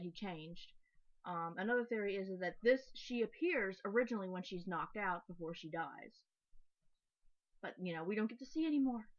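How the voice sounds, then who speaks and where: A woman's voice: on the low side, lo-fi sound. A young woman casually recapping comic updates in a chatty, enthusiastic way, with lots of fillers and restarts.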